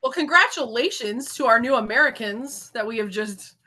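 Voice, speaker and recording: A young woman co-hosting a playful chat, giggly and quick to burst into laughter. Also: on the high side, expressive, sharp tone. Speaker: podcast co-host. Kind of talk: playful chat, trying out accents on cue.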